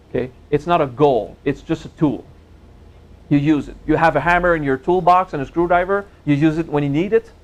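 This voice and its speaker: A man teaching a spiritual seminar in a gentle, playful way, joking with his audience and laughing at his own jokes. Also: fairly high pitch, low-quality recording. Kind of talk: relaxed seminar talk.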